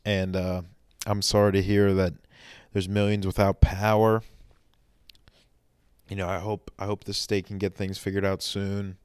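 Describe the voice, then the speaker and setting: A man's voice: low voice, monotone, unhurried, pauses often, a little mellow, smooth, no echo, clean studio sound. A man in a rambling comedy monologue, talking to his audience in a mock-soothing, sarcastic way, full of restarts.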